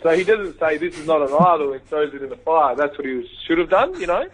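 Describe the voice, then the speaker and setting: A man guest in a casual phone interview, retelling events in a rambling, animated way and acting out what others said. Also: a little high, quick pace. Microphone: phone call. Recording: tinny phone line, dry.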